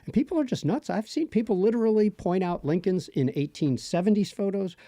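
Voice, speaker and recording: A man with a slightly high, mellow voice tells history stories in an animated, laughing way. His delivery is lively and chatty, and he likes to throw in little voices. The sound is dry and close up. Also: a little fast, no echo. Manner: animated storyteller, laughs often, does voices. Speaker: Gettysburg guide and guest. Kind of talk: podcast conversation.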